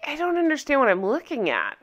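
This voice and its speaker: A woman's voice: high-pitched, huge pitch swings, fast talker, lo-fi sound. A woman hosting a reaction video, talking casually with sarcastic disbelief. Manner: sarcastic, incredulous. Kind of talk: casual commentary.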